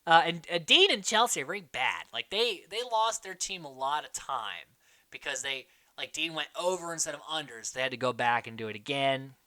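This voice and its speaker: Lively, bright-voiced, rambling podcast host. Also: mid-range voice, a little fast. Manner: rambling, filler-heavy, excitable. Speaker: podcast host recapping a reality show. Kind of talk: casual chat.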